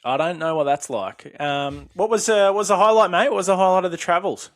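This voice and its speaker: A man's voice: sits high, fairly quick, fairly bright tone. An Australian man co-hosting a casual podcast, asking questions and teasing his friend in mock-serious banter. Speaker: podcast co-host. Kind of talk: casual chat.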